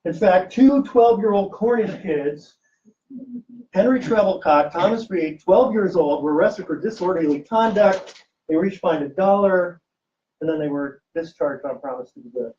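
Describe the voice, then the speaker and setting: A man giving a lively public lecture as an archivist, joking and quizzing his audience with questions. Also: sits high, normal speed, slight background noise. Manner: jokey, teasing, quizzes the audience. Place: event room with a live audience. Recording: distant, dull lo-fi room recording.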